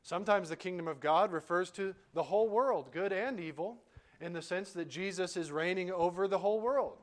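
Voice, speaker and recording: Guy preaching a bible sermon, kinda high voice, slow and emphatic on the big points. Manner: measured, emphatic, slows on key phrases. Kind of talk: expository sermon.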